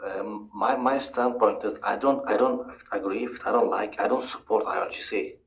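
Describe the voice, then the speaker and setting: A man calling in to a live stream, arguing his point in a halting way and repeating words. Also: lowish voice, poor audio. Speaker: guest caller.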